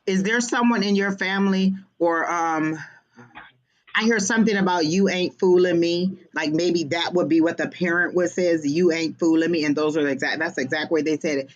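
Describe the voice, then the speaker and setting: A woman giving a psychic reading on a livestream, chatty and hesitant, with many pauses and ums. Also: lowish voice, steady tone. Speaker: psychic reader. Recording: slightly dull lo-fi stream audio.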